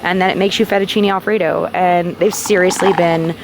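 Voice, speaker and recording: A woman's voice: lowish voice, fairly even intonation, a little fast, slight background noise, poor audio. Upbeat woman explaining camp cooking. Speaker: family camper cooking dinner. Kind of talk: casual vlog demonstration. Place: campsite outdoors.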